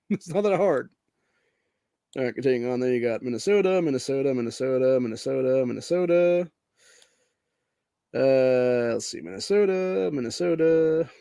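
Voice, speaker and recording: On a casual political commentary show, a male podcast host with a mid-range, dark, clean voice reads news items aloud while screen sharing. He speaks at normal speed with animation, vocal fry, and frequent pauses, swearing freely and saying "dude" constantly as he gets heated. The recording is dry.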